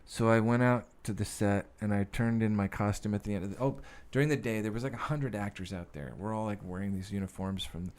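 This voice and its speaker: A man with a somewhat low voice tells stories as a podcast guest. His speech is casual and profane, and it wanders with plenty of fillers and restarts. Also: steady tone, fairly quick, hardly any pauses, darkish tone. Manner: profane, rambling, many fillers. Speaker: guest actor and director. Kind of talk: casual interview storytelling.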